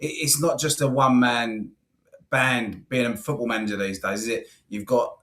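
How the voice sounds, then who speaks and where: A relaxed man gives his views in a casual football chat, swearing freely as he goes. His pitch sits in the middle for a man. He talks easily and loosely. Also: moderate pace. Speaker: co-host.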